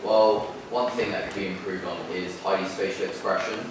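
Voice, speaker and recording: A teenage drama student giving hesitant, halting feedback on a classmate's scene. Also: male voice, deep voice, fairly even intonation. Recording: echoey classroom from far off, noisy.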